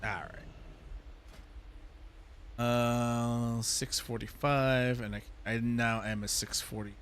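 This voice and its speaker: A man's voice: medium pitch, little pitch movement, slow, fairly bright tone, slight background noise. A man streaming a game, ranting heatedly with lots of swearing. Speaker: gaming streamer. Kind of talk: ranting commentary while playing a game.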